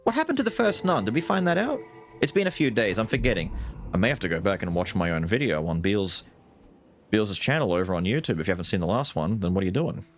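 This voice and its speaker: Gaming YouTuber man, lowish voice, very animated, casual and sweary. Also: quick pace, faint music behind. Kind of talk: casual let's-play commentary.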